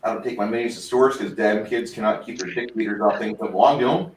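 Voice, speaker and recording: A man's voice: fairly low pitch, steady tone, fast talker, a little hiss or hum. Laid-back man host in an echoey room. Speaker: podcast host. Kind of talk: casual chat, reading chat comments.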